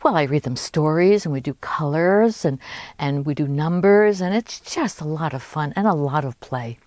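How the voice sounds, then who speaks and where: A modest, soft-spoken female preschool teacher who answers eagerly and a little shyly, as a woman storyteller plays her. Her voice is quiet and lively in pitch, recorded close with no room sound. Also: moderate pace, no echo. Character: friendly middle-aged female preschool teacher.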